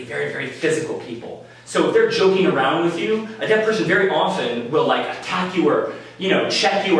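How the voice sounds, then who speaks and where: A man telling a personal story at a live story slam in a conversational, animated way, with quick asides to the audience. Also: a little high. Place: small venue before a live audience. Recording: echoey room, mic from a distance. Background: audience laughter.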